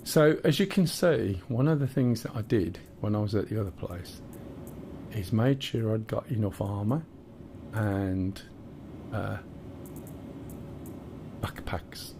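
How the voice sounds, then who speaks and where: A man's voice: on the low side, lively intonation, slow pace, long pauses, background noise. A man in his sixties hosting a live game stream, chatting casually with rambling, jokey asides. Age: 60s. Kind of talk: casual gameplay chat.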